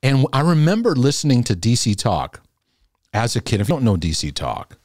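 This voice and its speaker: This middle-aged host, once a youth pastor, speaks at normal speed in a mid-range, darkish voice, very animated as he addresses a camera in front of him. The sound is dry and studio quality, and his reflective talk loops back on itself with restarts and chuckles.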